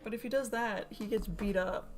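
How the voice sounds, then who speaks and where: A woman's voice: medium pitch, moderate pace, soft background music. A young woman chatting casually and joking while she builds model kits on a stream. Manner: chatty, joking, laughs often.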